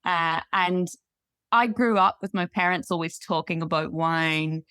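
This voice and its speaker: Brief: northern irish woman, middle-aged, measured and articulate, low-ish voice, dry close mic. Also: fairly even intonation, sharp tone, clear, resonant tone, no echo. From Northern Ireland. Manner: articulate, friendly, measured storytelling. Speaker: guest, wine expert. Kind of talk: interview conversation.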